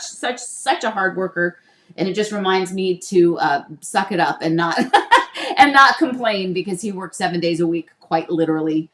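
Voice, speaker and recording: A middle-aged woman hosting a casual livestream from her home office desk, chatty and quick to laugh. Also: medium pitch. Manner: chatty, laughs often, coos to a toddler. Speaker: livestream host.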